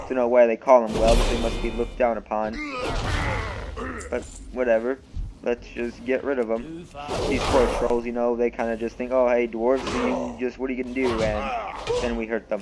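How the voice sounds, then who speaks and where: A man's voice: medium pitch, heavy background noise. A young man casually commenting on his gameplay, rambling and offhand, often poking fun at himself. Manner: rambling, offhand, self-mocking. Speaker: gaming channel host. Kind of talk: let's-play commentary.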